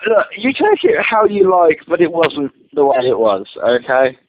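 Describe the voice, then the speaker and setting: A man's voice: fairly high pitch, wildly swooping pitch, normal speed, no echo. A man in a casual argument, defensive and stammering with many restarts. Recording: tinny phone-like line, faint hiss.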